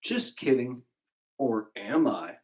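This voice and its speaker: On his livestream, a host from California rambles and tells crude jokes as he calls out donations. His mid-range voice is animated yet slow-paced, and the audio quality is poor.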